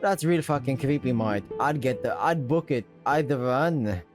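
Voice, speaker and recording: A man's voice: medium pitch, a little slow, music in the background. A man hosting a gaming video, reading a visual novel aloud and reacting with swearing. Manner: animated, swears while reacting.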